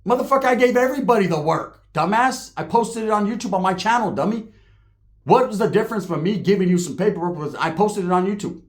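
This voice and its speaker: A man's voice: sits high, expressive, quick pace. A man hosting his online show, ranting straight at the camera in profane, slangy street talk. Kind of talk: heated direct-to-camera rant.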